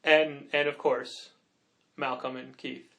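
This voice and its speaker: A man co-hosting a podcast in casual chat, rambling with quick asides and frequent laughs. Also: mid-range voice, flat delivery, gravelly, pushed and bright. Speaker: podcast co-host and comic shop owner.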